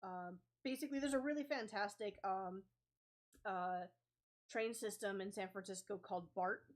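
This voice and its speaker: A young adult woman vlogging as a comic artist draws and casually tells a story, rambling with plenty of ums and likes. Her voice is mid-range and her speed normal.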